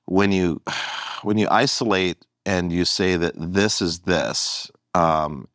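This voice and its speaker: A male guest comedian talking in casual conversation, rambling and animated with many restarts. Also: low voice, slow, no echo, clean studio sound.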